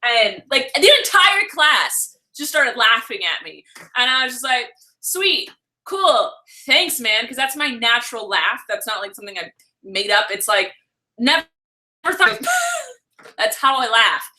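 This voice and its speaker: A young woman vlogger chatting and ranting on a live stream, animated and laughing often. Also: fairly high pitch, a little slow.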